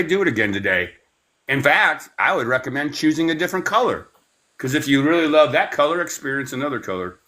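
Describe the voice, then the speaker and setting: A man leading a spiritual class, talking in a meandering, unhurried way with many fillers and giving slow, soothing breathing cues. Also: medium pitch, bright, forceful tone. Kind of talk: guided breathing meditation class.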